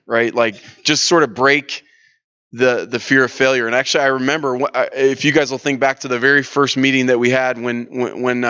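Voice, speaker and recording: A man's voice: mid-range voice, bright, forceful tone, clean tone, muffled recording. A man leading a church leadership workshop, talking in a casual, storytelling way with lots of restarts and fillers. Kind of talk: conversational teaching session.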